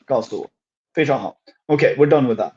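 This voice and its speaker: A man's voice: medium pitch, brisk, darkish tone. A man teaching a language lesson, patiently explaining step by step and switching between languages. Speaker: Chinese teacher. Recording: dull lo-fi recording.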